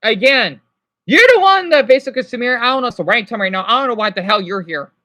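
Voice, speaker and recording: A man's voice: high-pitched, fast talker, bright, forceful tone. Stressed man ranting at his viewers. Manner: agitated, rambling, swearing, apologizing. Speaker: vlogger. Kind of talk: unscripted emotional rant to viewers.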